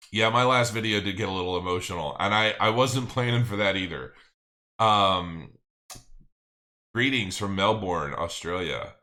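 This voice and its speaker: A man's voice: fairly low pitch, sharp tone. A middle-aged man hosting a casual livestream, rambling and thinking aloud as he reads viewer comments. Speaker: crypto channel host.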